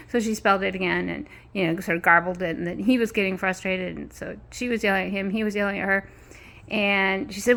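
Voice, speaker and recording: A woman's voice: medium pitch, steady tone, a little fast, vocal fry, a bit bright. A woman vlogging in a casual, meandering way with frequent small laughs, speaking outdoors in an apartment courtyard. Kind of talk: casual rambling chat.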